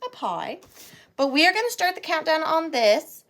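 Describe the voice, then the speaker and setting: A woman's voice: high voice, expressive, a little fast, fairly bright tone. A woman running a live vintage auction, chatting playfully and counting down bids. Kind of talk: casual live sale chat.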